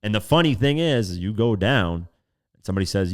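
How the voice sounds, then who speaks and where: Deep-voiced exasperated podcast host. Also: male voice, normal speed. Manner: animated, exasperated, casual swearing. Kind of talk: casual commentary podcast.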